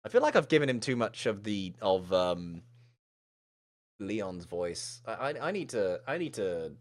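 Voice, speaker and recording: A man reading a game aloud, pausing to think aloud in hesitant, casual commentary. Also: medium pitch, big pitch swings, darkish tone. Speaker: game reader.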